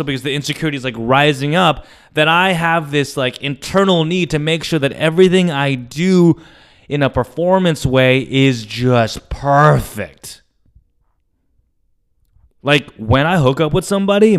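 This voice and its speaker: A young adult man hosting a podcast, telling a candid story, animated, swearing often and acting out the lines of the people in it. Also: mid-range voice. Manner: animated, swears often, acts out his own and others' lines. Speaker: podcast host.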